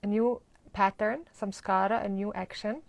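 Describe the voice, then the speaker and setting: A woman's voice: mid-range voice, steady tone, moderate pace, vocal fry, no echo. A woman teaching a live-streamed mantra lesson, explaining and chanting with laughter. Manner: acts out groggy morning complaints. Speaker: spiritual teacher.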